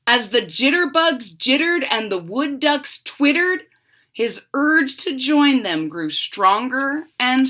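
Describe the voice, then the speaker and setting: A young woman reading a picture book aloud to children, acting out the words and stopping to explain what the pictures show. She speaks very slowly, with a lively rise and fall. Her tone is bright and sharp. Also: a little high. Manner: expressive storytelling with explanatory asides. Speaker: storybook reader.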